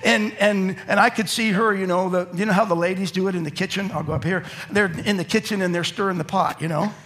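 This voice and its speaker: A fast-talking middle-aged pastor with a high voice preaches to a live church congregation, with a faint hiss or hum on the recording. Joking and lively, he acts out quotes and mini scenes throughout his sermon.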